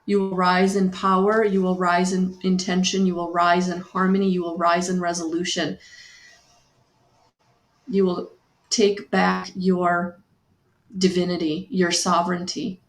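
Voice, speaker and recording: A woman giving a slow, soothing spiritual guidance talk on a live stream, repeating her phrases and greeting viewers by name. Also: fairly low pitch, level tone, roomy sound.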